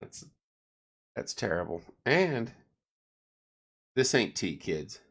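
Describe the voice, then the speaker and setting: Tired gravelly man chatting on a livestream. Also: fairly low pitch, big pitch swings, slow, a bit bright. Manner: joking, chatty, reads viewer comments aloud. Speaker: livestream host. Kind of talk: casual late-night livestream chat.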